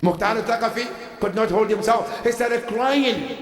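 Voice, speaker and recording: High-voiced preacher in an echoing hall. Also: male voice, normal speed. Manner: narrates with quoted dialogue and Arabic phrases, building to impassioned lament. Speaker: preacher at a mourning gathering. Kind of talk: sermon storytelling. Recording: echoey hall recorded from far off.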